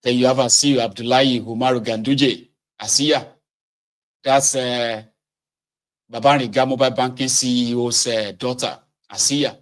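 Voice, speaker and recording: A middle-aged man, hosting casual political commentary with sardonic, animated delivery. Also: mid-range voice, normal speed. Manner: animated, sardonic, swinging between mutters and outbursts.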